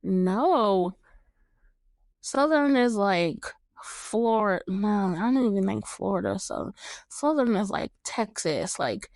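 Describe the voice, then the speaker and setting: A woman's voice: mid-range voice, expressive, slow pace, a little mellow, no echo, studio quality. A young woman from New York hosting a podcast, chatting casually and animatedly, laughing often and swearing freely. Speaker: podcast host. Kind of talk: casual chat.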